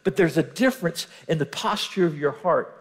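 A man preaching a sermon with animation, acting out scenes and dropping to hushed tones between louder lines. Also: on the high side, moderate pace. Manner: animated, acts out Bible scenes with voices, swings between loud and hushed. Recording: reverberant hall.

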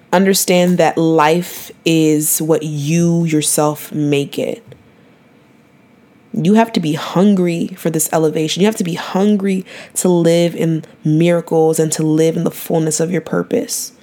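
Chatty woman podcast host, low voice. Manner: chatty, earnest, slangy, with animated bursts. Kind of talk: casual faith podcast chat.

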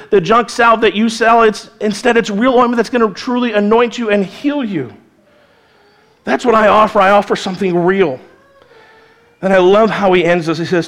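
High-voiced man preaching earnestly. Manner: earnest, conversational preaching with lively asides. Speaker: pastor. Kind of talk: sermon. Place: church.

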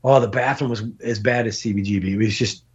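A middle-aged man, a podcast guest, telling a long road story in casual, animated talk, swearing and laughing as he goes. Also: on the low side, quick pace, breathy edge. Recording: dull lo-fi podcast audio.

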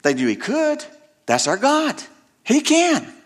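A man's voice: extremely high pitch, wildly swooping pitch, slow. A male preacher delivering a sermon, retelling scripture stories dramatically and often repeating words as he restarts his sentences.

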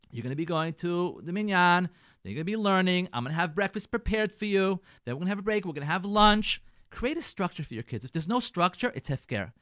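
Higher-voiced rabbi giving advice. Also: male voice, no echo, studio quality. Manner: coaching, acts out sample dialogues in a softer voice; repeats phrases, stammers on word starts. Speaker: rabbi and radio show host. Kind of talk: advice talk to listeners.

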